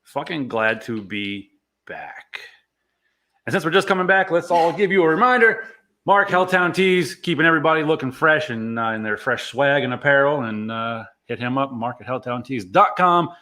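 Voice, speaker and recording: A man's voice: a little high, fairly quick. A man co-hosting a casual podcast, hyped and swearing freely, tripping over his words. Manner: excited, swears a lot, stumbles over words. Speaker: podcast co-host. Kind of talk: casual chat.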